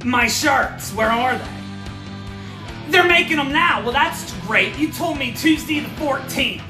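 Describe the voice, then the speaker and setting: A performer voicing a short-tempered, foul-mouthed elderly grandmother who gripes gruffly and curses through a comedy sketch. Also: high voice, a little slow, over music. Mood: irritated, complaining. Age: older. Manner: gruff, cursing, complaining. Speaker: comedy character host.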